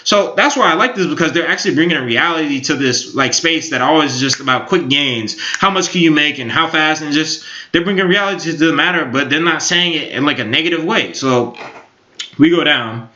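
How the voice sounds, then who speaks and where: A man's voice: a little high, a little fast, sharp tone. A man in his twenties giving rambling, upbeat casual commentary on crypto markets, full of fillers. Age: 20s. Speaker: crypto YouTuber. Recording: echoey room, dull lo-fi sound.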